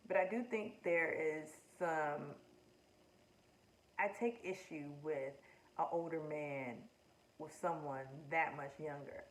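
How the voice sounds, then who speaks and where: A woman talking casually and with strong opinions as she reviews a show, speaking straight to her viewers. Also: sits low. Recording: echoey room, distant mic, faint ambience.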